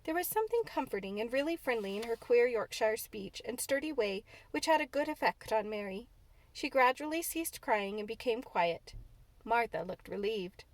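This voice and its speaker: A woman narrating a classic novel in an expressive audiobook reading. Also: on the high side, moderate pace. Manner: expressive storytelling.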